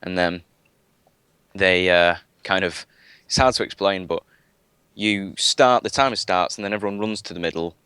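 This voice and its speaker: A man's voice: low voice, moderate pace, pushed and bright, clean tone, no echo. A man chatting casually on a gaming live stream, rambling with lots of fillers and restarts. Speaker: guest gamer.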